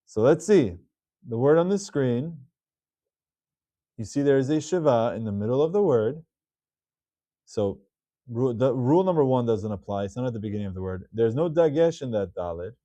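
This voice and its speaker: A man teaching Hebrew reading rules in a patient video lesson, repeating key words slowly. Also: medium pitch, animated, dark tone, no echo.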